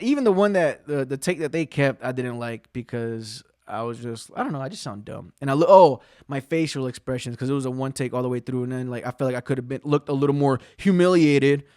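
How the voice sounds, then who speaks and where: A man hosting his own podcast, telling rambling, profane stories in a casual, excitable way. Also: medium pitch, no echo, clean studio sound. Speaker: podcast host. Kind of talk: casual solo podcast storytelling.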